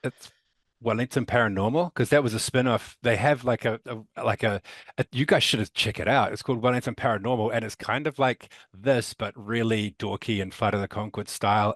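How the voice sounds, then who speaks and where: A man's voice: medium pitch, a little fast, a bit bright, no room sound, clean studio sound. A man in his thirties with a New Zealand accent, chatting casually as a podcast guest, rambling and laid-back with casual swearing. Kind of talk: casual chat.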